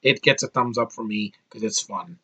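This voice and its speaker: A man's voice: on the low side, fairly even intonation, normal speed, pushed and bright, husky. A man reviewing a movie in a casual vlog, rambling and opinionated with emphatic bursts.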